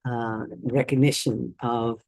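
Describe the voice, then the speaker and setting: Deep-voiced lady on a video call, warm, thankful, about to lead a song. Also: fairly even intonation, measured pace, creaky. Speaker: song leader. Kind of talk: casual chat.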